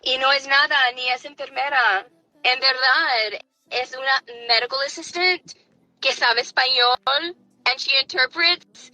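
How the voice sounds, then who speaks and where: A woman's voice: sits high, moderate pace, bright, forceful tone, no echo, rough recording. A middle-aged woman, a nurse, gives heated commentary in a mocking, indignant tone, switching between languages.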